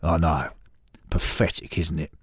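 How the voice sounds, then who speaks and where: A man voicing a gruff, dismissive former footballer who growls his lines. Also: a bass voice, fairly even intonation, a little slow, no room sound, studio quality, exaggerated voice. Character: gruff retired footballer turned committee man.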